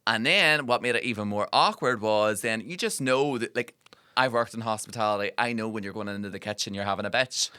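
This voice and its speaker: A man's voice: lowish voice, a little fast, pushed and bright, clear, resonant tone, no room sound, studio quality. A man, co-hosting a casual podcast, telling a story animatedly with lots of fillers and swearing. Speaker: podcast co-host. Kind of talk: casual chat.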